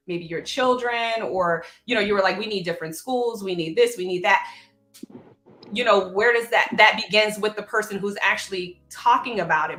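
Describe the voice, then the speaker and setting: A woman's voice: medium pitch, a bit bright. A woman co-hosting a live podcast, talking easily and telling a story with lots of fillers. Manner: easygoing, laughs often, tells stories with many fillers. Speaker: podcast co-host. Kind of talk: casual conversation. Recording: echoey room.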